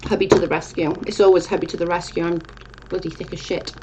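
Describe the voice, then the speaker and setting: A woman's voice: on the low side, flat delivery, fast talker, heavy background noise. A young woman casually chatting on a live stream, reading viewer comments and rambling, with casual swearing.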